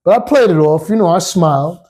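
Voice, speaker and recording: Husky-voiced New ex-cop storyteller. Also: male voice, high voice, animated, fairly quick, darkish tone. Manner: streetwise, casual, acts out voices. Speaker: retired police officer. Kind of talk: personal storytelling.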